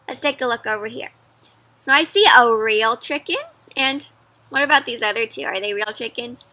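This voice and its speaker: A woman's voice: fairly high pitch, moderate pace, pauses often. A woman doing an interactive read-aloud for children, stopping often to ask them questions. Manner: asks children questions, animated. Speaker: storyteller.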